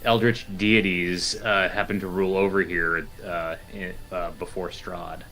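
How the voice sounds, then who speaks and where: A man's voice: low-pitched, little pitch movement, measured pace, sharp tone. A man playing in a tabletop game who speaks hesitantly, with many fillers. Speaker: player. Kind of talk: casual game chat.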